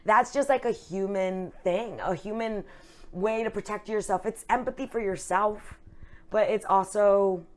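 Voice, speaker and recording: A woman's voice: medium pitch, unhurried, darkish tone. A woman, an actress, speaking openly and earnestly about her feelings in a casual interview chat, with plenty of fillers. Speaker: actress, guest.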